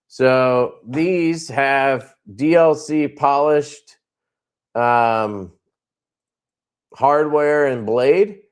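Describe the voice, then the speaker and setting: A man's voice: medium pitch, darkish tone, clean tone. A man hosting a casual livestream from his knife company, showing products in a laid-back, rambling way with crude jokes.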